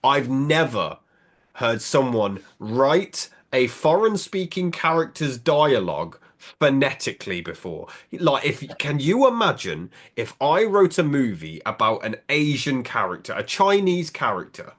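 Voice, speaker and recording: A man in his thirties rants and jokes through a casual podcast chat, often dissolving into giggles. His pitch swings wildly between low grumbles and high exclamations. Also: big pitch swings, a little slow, a bit bright. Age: 30s. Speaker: podcast co-host.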